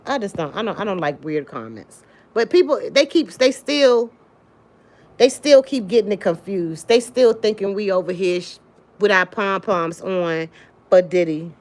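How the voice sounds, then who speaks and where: A woman's voice: mid-range voice, animated, moderate pace, darkish tone. A woman hosting a casual livestream, talking emphatically to her viewers by name and repeating her points. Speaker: livestream host. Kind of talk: casual livestream chat reading comments.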